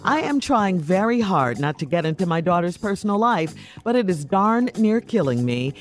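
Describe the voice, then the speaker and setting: Lively radio voice reading a letter aloud. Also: medium pitch.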